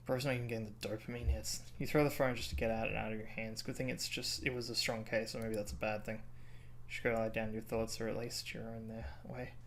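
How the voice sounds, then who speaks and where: A streamer playing a narrative game live, reading the game's text aloud in a low, subdued tone, then breaking into loud, swearing reactions and pleading with the game. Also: flat delivery, fairly quick.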